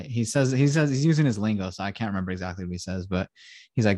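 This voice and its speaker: A man's voice: on the low side, racing, dark tone, no echo, clean studio sound. A man hosting a casual podcast, animatedly retelling a film scene by scene, acting out the characters and swearing freely. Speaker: podcast host.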